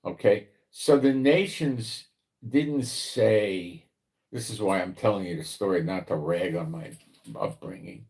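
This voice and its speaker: Rambling New man, low voice. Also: measured pace, a little mellow. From New York, the Bronx. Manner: conversational, rambling, asks listener rhetorical questions. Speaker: prophecy commentator, channel host. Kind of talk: religious commentary monologue.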